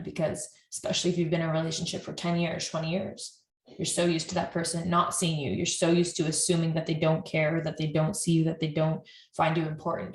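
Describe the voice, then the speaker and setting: Low-voiced woman therapist in a roomy echo. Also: slight background noise. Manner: earnest, explains at length with many restarts. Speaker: couples therapist. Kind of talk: explanatory talk to camera.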